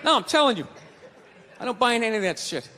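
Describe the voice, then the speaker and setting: A man's voice: extremely high pitch, big pitch swings, fast talker, crowd noise. A male stand-up comedian ranting in an exasperated, profane way during a live set. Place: comedy venue stage. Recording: stage mic with long hall reverb, faint room noise.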